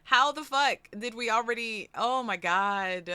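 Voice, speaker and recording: Bright-voiced excitable young woman streamer. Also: on the high side, a little fast, few pauses. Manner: excitable, swears freely, swings from chatty to squealing. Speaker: streamer hosting a charity stream. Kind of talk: casual live-stream chat.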